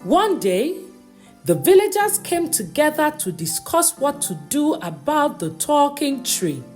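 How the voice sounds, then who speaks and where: A woman narrating a bedtime storybook in a slow, expressive reading voice. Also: high voice, soft background music.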